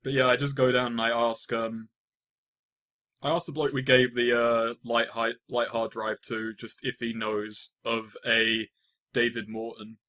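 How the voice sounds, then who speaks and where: A man's voice: medium pitch, little pitch movement, unhurried, pushed and bright. A man playing in a tabletop role-playing game, describing what his character does in a casual, thinking-aloud way. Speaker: player.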